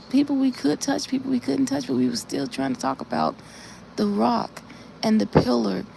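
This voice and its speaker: A woman with a heavily gravelly, fry-laden voice tells her viewers about a dream on a live stream. She talks earnestly and circles back over the same phrases, with her voice sitting a little high and a faint hiss behind her. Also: warm tone. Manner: earnest, repetitive storytelling, speaking straight to her viewers. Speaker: livestreamer.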